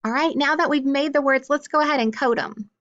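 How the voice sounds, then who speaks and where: A woman teaching a phonics lesson in an upbeat, encouraging way, sounding out letters slowly. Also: sits high, fairly bright tone, lo-fi sound.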